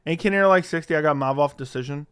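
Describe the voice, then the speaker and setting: Clear-voiced man chatting on a livestream. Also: on the high side, very fast. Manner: reads chat questions aloud and answers offhand; relaxed, swears freely. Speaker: livestream host. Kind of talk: casual live-stream chat. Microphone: studio dynamic mic.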